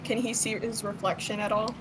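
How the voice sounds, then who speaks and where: A woman's voice: fairly high pitch, little pitch movement, brisk, background noise. A woman playing in a tabletop game, describing her character's actions in a hesitant, casual way. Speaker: player.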